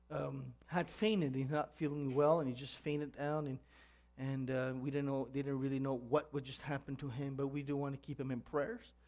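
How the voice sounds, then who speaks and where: A man preaching a sermon as pastor, earnest and animated, asking the congregation for amens. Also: medium pitch, creaky. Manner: earnest, asks the congregation "Amen?"; storytelling with animated voices.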